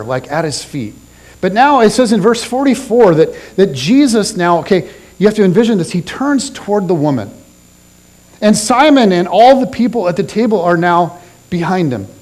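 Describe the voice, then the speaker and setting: A man preaching a sermon as a pastor, telling a story with animated delivery and dropping low and soft for quoted lines. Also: low-quality recording. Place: church.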